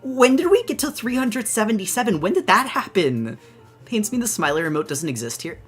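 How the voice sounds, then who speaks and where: Brief: young woman streamer, bubbly and gushing, lively up-and-down pitch, faint music underneath. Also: a little fast. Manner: bubbly, gushing, rambling with restarts. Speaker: VTuber streamer. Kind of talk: excited casual live-stream chat.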